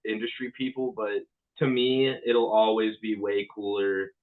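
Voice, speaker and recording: An easygoing man from Louisville answers interview questions, pausing with plenty of ums. His voice sits low. The sound is thin and tinny, like a phone line. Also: steady tone. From Louisville, Kentucky. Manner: easygoing, hesitant, many ums. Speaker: band member guest. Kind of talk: casual interview chat.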